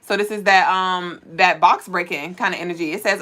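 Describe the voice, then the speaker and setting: A woman's voice: on the low side, fairly even intonation, normal speed, hardly any pauses, fairly bright tone. A woman hosting a live spiritual card reading, talking bluntly and preachily and swearing now and then. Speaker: spiritual reader.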